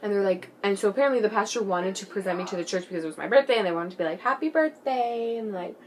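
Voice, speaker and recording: A teenage girl telling a story in a casual vlog, excitable and giggly, full of "like" and "bro", sometimes dropping to a hushed whisper. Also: mid-range voice, racing. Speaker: vlogger.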